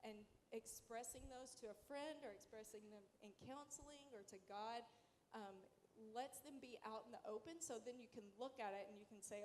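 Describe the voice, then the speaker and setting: A woman with a fairly high voice talks reflectively on a panel, openly and thoughtfully. Her voice carries a long hall reverb, with faint background noise underneath. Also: moderate pace, darkish tone. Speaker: church staff panelist. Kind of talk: candid panel discussion.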